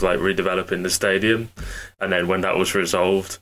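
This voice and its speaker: A man's voice: sits low, level tone, moderate pace, a bit bright. A man co-hosting a podcast, chatting casually and telling stories with a dry, wry manner. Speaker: podcast co-host. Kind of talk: casual chat.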